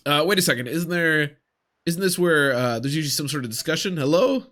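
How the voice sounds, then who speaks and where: A man's voice: fairly high pitch, animated, fairly quick, fairly bright tone. A young man commentating casually on his own game, rambling and talking to himself. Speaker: gaming streamer.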